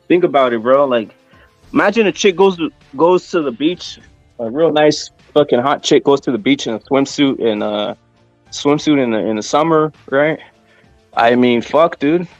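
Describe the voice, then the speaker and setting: A man hosting a casual stream, talking crudely and rambling, his voice raspy from smoking. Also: medium pitch, normal speed, no room sound, dull audio, soft background music. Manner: crude, rambling, lots of "bro". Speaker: podcast host. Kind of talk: casual livestream chat.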